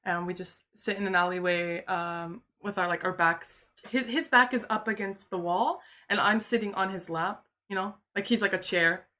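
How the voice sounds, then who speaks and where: Pushed and bright, her mid-range voice runs at normal speed with hardly any pauses as a woman streamer tells a personal story in casual chat. She talks loosely and chattily, filling sentences with "like" and "you know."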